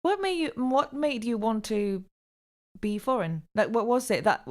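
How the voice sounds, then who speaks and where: A woman's voice: fairly high pitch, very animated, unhurried, a little mellow. A woman co-hosting a radio show, introducing it and asking curious, searching questions. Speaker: co-host. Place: radio studio.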